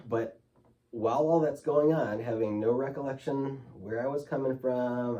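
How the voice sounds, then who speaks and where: A man's voice: medium pitch, mellow, far from the mic, dull audio. A man speaking as a guest in an interview, telling his story candidly and emotionally, loose with fillers like "like" and "you know".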